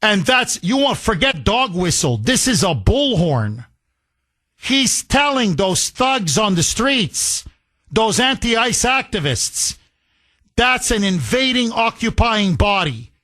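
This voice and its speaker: A man's voice: sits high, very animated, slow pace, pushed and bright. A man hosting a political talk radio show, delivering a sarcastic, indignant monologue full of rhetorical questions and repetition. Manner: emphatic with repetition.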